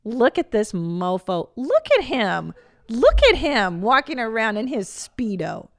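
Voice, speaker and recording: A woman's voice: on the high side, sing-song, unhurried, dry recording, clean studio sound. A woman in her forties hosting a podcast, talking in a casual, comedic monologue that is profane and chatty, and she laughs often. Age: 40s. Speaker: podcast host.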